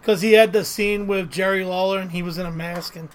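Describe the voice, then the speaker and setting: A man's voice: sits high, fairly even intonation, brisk. A man co-hosting a casual podcast interview, asking chatty questions like an eager fan and laughing easily.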